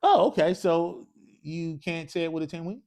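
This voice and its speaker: A man's voice: a little high, normal speed, a little mellow. A man teaching an Arabic grammar class in a mosque classroom, constantly quizzing his students with questions. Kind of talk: classroom lesson.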